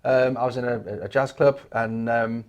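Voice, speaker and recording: An English man co-hosts a casual property investment podcast, telling stories in a rambling way with repeated words and restarts. His medium-pitched voice is clear and resonant, with little pitch movement, and he keeps a moderate pace.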